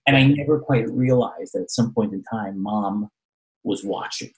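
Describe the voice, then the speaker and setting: A man telling a personal story in casual conversation, animated and repeating words as he acts out quoted voices. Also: on the low side, normal speed, low-quality recording.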